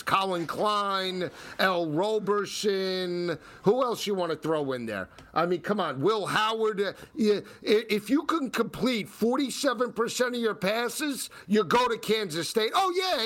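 A man co-hosting a sports radio show, excitable and joking, with quick rants. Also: sits high.

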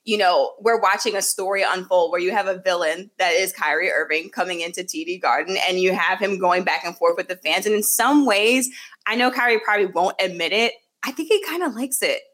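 A woman's voice: mid-range voice, brisk, fairly bright tone. Emphatic woman sports reporter. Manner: fluent and emphatic, with repeated fillers. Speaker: sports reporter covering a basketball team. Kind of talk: casual sports analysis.

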